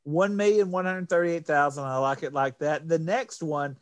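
A man's voice: fairly high pitch, fairly even intonation, moderate pace, dry recording. A man hosting a casual podcast, reading out box office figures in a jokey way. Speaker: podcast host. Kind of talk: casual chat.

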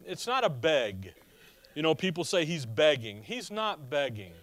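A man's voice: on the high side, very animated, unhurried, fairly bright tone, dry recording. A middle-aged man preaching a conversational expository sermon and asking his listeners rhetorical questions. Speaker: pastor.

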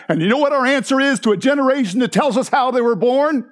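A man preaching a sermon as pastor, animated and emphatic, with frequent restarts. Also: extremely high pitch, fast talker, hardly any pauses.

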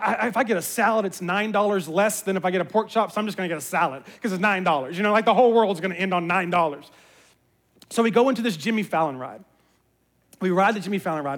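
A man, a pastor, giving a sermon as an animated, self-mocking storyteller. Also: high voice. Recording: long reverb of a large hall.

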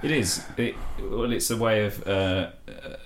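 A man hosting a comedy podcast in a dry, self-deprecating way. His voice is low with a gravelly edge. A light noise floor runs under it. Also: measured pace. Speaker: podcast host. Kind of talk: casual comedy chat.

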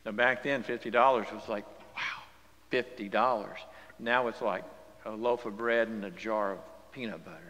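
A male pastor delivering a sermon, swinging from hushed, near-whispered storytelling to loud, rising exhortation in a church. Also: on the low side, fairly even intonation, a little fast. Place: church sanctuary. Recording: long church reverb with music behind. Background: guitar music.

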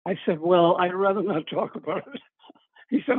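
Spinning long, rambling anecdotes full of uhs and small chuckles, an older actor from New England talks at normal speed in a somewhat husky, fairly high voice. He is a guest telling stories in a casual interview. The sound is thin and tinny like a telephone line, very dry, with no echo.

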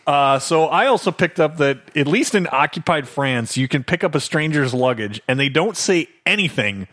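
A man co-hosting a casual podcast about movies, lively and amused, laughing along with his co-host. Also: fairly high pitch, normal speed, no echo.

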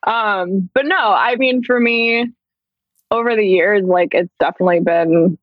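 A talkative woman guest rambles in a casual interview, tossing in "like" constantly. Her voice sits at a middle pitch and sounds muffled and lo-fi with no room echo. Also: unhurried. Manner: chatty, heavy use of "like", self-conscious. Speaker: author and entertainment journalist. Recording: dull lo-fi dry sound.

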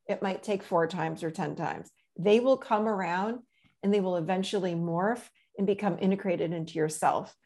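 Middle-aged lady coach, gentle storytelling, lots of "you know", mid pitch. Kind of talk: casual interview chat.

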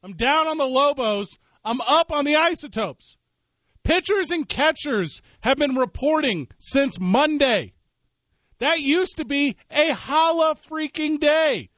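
A man with a high, bright-pitched voice rants as a sports radio host, jumping between points in animated bursts. His voice is close and dry, with no room sound, on a studio mic. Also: dry recording. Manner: animated ranting, quick asides. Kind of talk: sports talk radio banter. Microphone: studio microphone.

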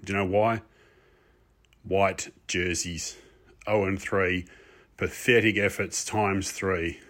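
A fed-up fan lord, pompous and exasperated, ranting and swearing, as a man puts him on. His voice sits a little low. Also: steady tone, takes it slowly, a bit bright. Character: frustrated pompous fan persona, grown man. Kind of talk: pre-recorded comic rant segment.

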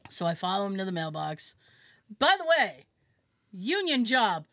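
This woman's voice is medium-pitched with big swings in pitch, unhurried and a touch bright, captured in a dry, clean studio recording. She's a podcast host in casual chat, voicing other people as she tells a story, poking fun at herself and cursing casually.

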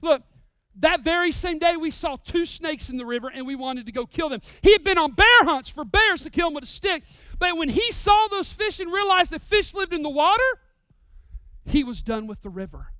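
A man in his thirties preaching a sermon as a pastor, swinging between loud, drawn-out lines and hushed, intimate storytelling. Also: extremely high pitch, expressive, dry recording, clean studio sound.

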